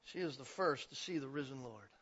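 A man preaching a sermon in an animated way, swinging between loud emphasis and quiet passages. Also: mid-range voice, fairly quick, breathy edge. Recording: dull lo-fi recording.

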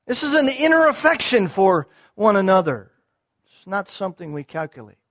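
A man with a high voice preaching a sermon. He talks earnestly and repeats key words for weight. He restarts small phrases as he explains. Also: big pitch swings, normal speed, fairly bright tone. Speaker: pastor.

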